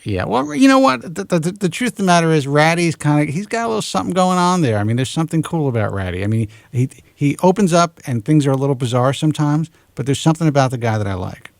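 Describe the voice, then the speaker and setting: A man's voice: on the high side, lively intonation, fast, creaky, few pauses, no room sound. A male radio host taking calls in casual, blunt banter, often restarting his sentences. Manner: blunt, swears, restarts a lot.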